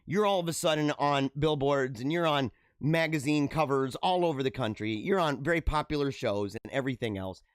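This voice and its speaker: A man's voice: mid-range voice, fairly quick, hardly any pauses, no echo, clean studio sound. A man hosting a podcast, giving casual and slangy commentary on news stories and laughing often. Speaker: podcast host.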